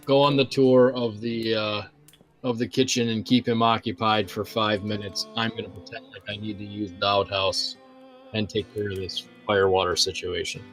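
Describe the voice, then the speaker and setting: A man calmly describes his character's moves at a tabletop game. His delivery is plain and matter-of-fact. Soft music plays faintly behind him. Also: on the low side, moderate pace. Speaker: player.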